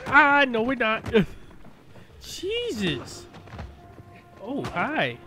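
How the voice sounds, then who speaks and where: A man commenting on his own gameplay, reacting loudly and swearing at what happens on screen. His voice sits high and leaps around a lot, and he talks in slow bursts. Faint game music plays behind him. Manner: excitable, yelling and swearing at the game. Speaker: gaming commentator. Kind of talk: let's play commentary.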